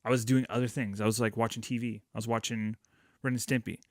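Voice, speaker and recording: A man's voice: mid-range voice, level tone, quick pace, no echo, studio quality. A man hosting a podcast, telling a rambling, profane childhood story with self-mocking jokes. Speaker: podcast host.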